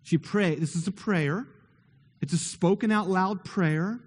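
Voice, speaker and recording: A man's voice: high voice, unhurried, husky. A man preaching a sermon as pastor, earnest and emphatic, building his points with repeated phrases and rhetorical questions. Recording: long reverb of a large hall.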